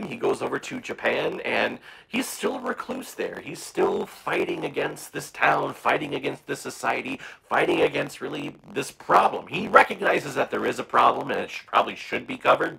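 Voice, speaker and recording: A man with a gravelly, husky voice talks through a casual movie review. His delivery is animated and enthusiastic, full of quick asides to his viewers. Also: fairly low pitch, rough recording.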